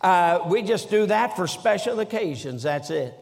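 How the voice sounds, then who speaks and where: A man puts on a defensive church member, stumbling over words before rushing ahead. The voice sits high and echoes in a big church hall. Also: lively intonation, vocal fry. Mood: wheedling. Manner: hesitant, stammering, then quick. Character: wheedling middle-aged church member, defensive.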